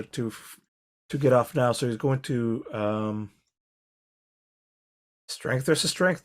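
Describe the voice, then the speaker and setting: A man running a tabletop game as game master, narrating in halting bursts with many restarts. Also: medium pitch.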